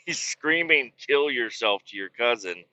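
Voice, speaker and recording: Man, 30s, chatty podcast host: lively pitch, dry, slightly dull recording. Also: takes it slowly, no echo. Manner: animated, rambling, swears often, laughs a lot. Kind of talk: casual podcast monologue. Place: driving in a car on a bumpy road.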